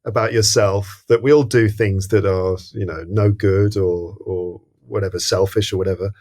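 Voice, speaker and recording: A man appearing as a podcast guest, chatting casually about a film in a thoughtful, hesitant way, often pausing to search for words. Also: on the low side, fairly even intonation, a little mellow. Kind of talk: casual film-discussion chat.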